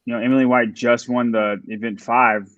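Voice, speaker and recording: A man's voice: mid-range voice, little pitch movement, normal speed, fairly bright tone, dry recording, muffled recording. A man hosting a podcast, talking through competition standings in a casual, analytical way. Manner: talkative, analytical. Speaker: podcast host.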